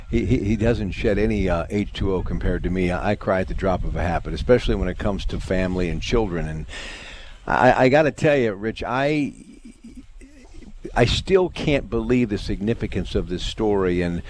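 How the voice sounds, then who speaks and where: A man's voice: deep voice, a little mellow, a little hiss or hum. A male radio host responding to a guest's story, earnest and stumbling over repeated words.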